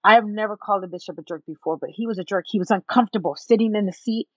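A woman's voice: mid-range voice, rapid-fire, slightly rough, dry recording. A woman guest in an interview telling a personal story, acting out what others said to her. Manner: animated, acts out what others said. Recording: dull, dry, slightly lo-fi.

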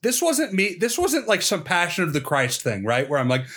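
A young man with a fairly high voice co-hosts a casual podcast. He rambles from one story to the next, laughs a lot, and swears freely. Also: wildly swooping pitch, moderate pace, a bit bright. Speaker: podcast co-host. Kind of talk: casual chat.

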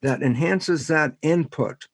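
Husky-voiced older man explaining animatedly. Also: a little high, slow pace, dry recording. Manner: animated storyteller, acts out both sides of dialogues. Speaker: guest scientist and author. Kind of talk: explanatory interview talk.

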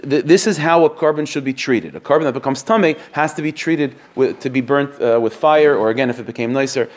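A man teaching a text-based lesson, reading sources aloud, translating them and repeating key phrases as he explains. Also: mid-range voice. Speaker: Talmud teacher.

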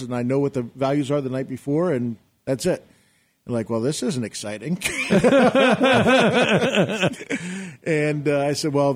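A middle-aged man telling an animated story as a guest on a talk show, acting out his own shouting. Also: mid-range voice. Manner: lively storyteller who acts out his own yelling. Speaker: guest, real estate investor.

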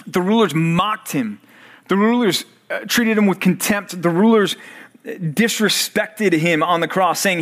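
Pastor guy in his 30s, kinda high voice, preaching to college kids and making them fill in the blanks. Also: moderate pace, a bit bright. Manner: quizzes the audience with fill-in-the-blank questions. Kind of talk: sermon. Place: church service for college students.

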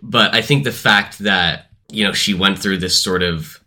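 A man's voice: low-pitched, unhurried, bright, forceful tone. A man co-hosting a casual movie review podcast, rambling and correcting himself as he goes. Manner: rambling, self-correcting, hedging. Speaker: podcast co-host.

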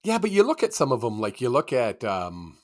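A man's voice: mid-range voice, brisk. A man co-hosting a casual sports podcast, laughing often as he tells stories. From Canada. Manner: laughs often, lively storytelling. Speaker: podcast co-host.

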